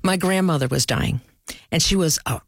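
A woman's voice: sits low, normal speed, no room sound, studio quality. A middle-aged woman who works as a palliative care clinician, speaking as an interview guest and telling stories with earnest animation. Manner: earnest storyteller, animated, acts out quoted voices.

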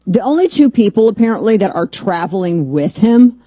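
A woman hosting a political talk radio show from a studio, sarcastic and animated, with rambling asides. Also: medium pitch, normal speed, slightly rough, dry recording. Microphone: studio microphone.

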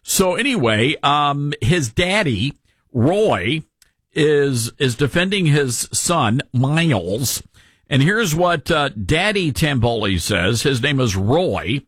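Sarcastic talk radio host, husky man. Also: fairly high pitch, very animated, slow pace, a bit bright, no echo, studio quality. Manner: sarcastic, mocking.

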